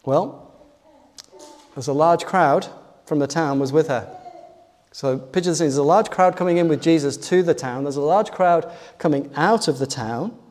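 A man with a fairly high voice preaches a sermon, retelling a passage with earnest emphasis and rhetorical questions. His voice carries a long reverb, as in a church hall. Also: normal speed, darkish tone.

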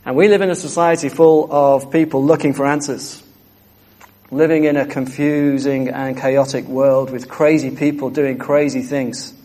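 A man's voice: medium pitch, fairly even intonation, moderate pace, warm tone. A man preaching a sermon, earnest and emphatic, repeating key phrases.

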